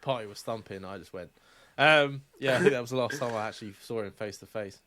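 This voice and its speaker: A man's voice: medium pitch, fast, a crowd in the background. A young man co-hosting a podcast, telling stories in casual, sweary chat and laughing often. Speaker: podcast co-host.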